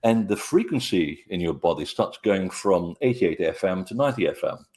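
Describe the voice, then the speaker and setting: A middle-aged man, a guest author, telling anecdotes in a relaxed, rambling way with many hesitations. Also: low-pitched, moderate pace. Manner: rambling, hesitant with frequent fillers. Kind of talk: conversational storytelling interview.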